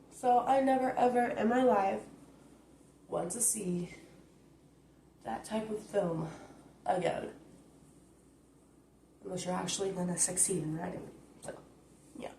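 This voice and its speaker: A woman's voice: on the low side, roomy sound, slight background noise. Blunt, rambling woman vlogger. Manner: blunt, profane, rambling, animated. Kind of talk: casual rant recap. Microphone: phone.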